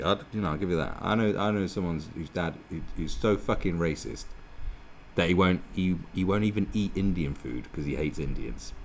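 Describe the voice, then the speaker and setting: A man's voice: deep voice, gravelly, slight background noise. A man giving crude, mocking commentary on a video clip. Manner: animated, sweary, mocking. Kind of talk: profane reaction commentary.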